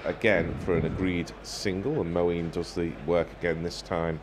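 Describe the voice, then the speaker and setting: A male cricket commentator calls the play ball by ball with a measured, wry delivery. His voice sits on the low side, and there is a faint hiss under the stream. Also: steady tone. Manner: wry, measured, quick to joke.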